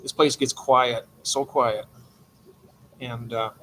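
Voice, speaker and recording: An older man chats on a late-night livestream from his aquarium room, warmly greeting viewers by name as they appear. He talks at a slow pace in a medium-pitched voice with fairly even intonation. A faint hiss or hum is present.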